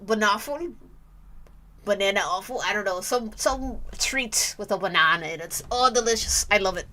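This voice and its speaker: A woman's voice: mid-range voice, big pitch swings, normal speed, bright, forceful tone. A young woman streaming while she draws, chatting casually and rambling with the odd swear word. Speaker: art streamer.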